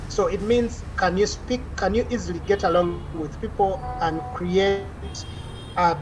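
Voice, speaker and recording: A woman's voice: lowish voice, noisy background. A woman lecturer teaching an online class over a video call, explaining at length with frequent "uh" fillers and restarts.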